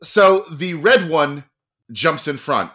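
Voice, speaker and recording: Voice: mid-range voice, expressive, slow pace, fairly bright tone. A game master narrating a tabletop game in a playful way. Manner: playful, laughing often.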